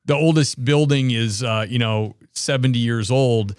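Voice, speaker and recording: A man's voice: mid-range voice, measured pace, clean tone, dry recording. A man from the Boston area hosting an interview, chatty and enthusiastic with lots of fillers. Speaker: podcast host. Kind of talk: casual interview chat.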